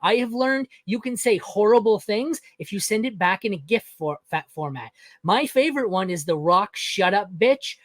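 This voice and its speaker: A man guesting on a podcast, talking bluntly and profanely in casual conversation, telling stories with animated quoted voices. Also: high-pitched, moderate pace, no echo.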